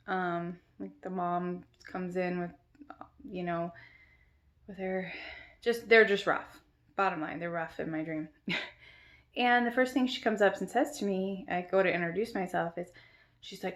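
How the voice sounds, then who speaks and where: A woman's voice: lowish voice, normal speed, a bit bright. A woman casually retelling a dream, rambling with many filler words. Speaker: storyteller.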